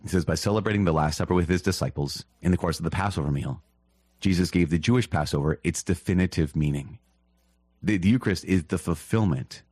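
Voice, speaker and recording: A man hosting a teaching podcast, reading catechism passages and explaining them in an earnest, animated way with quick asides. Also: deep voice, no room sound. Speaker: priest podcast host.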